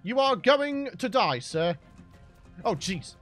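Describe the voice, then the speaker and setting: A young British man giving excited, chatty let's play commentary as the host of a gaming channel. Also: very high-pitched, slow pace, soft background music. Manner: excitable, chatty, bursts into shouts and laughs.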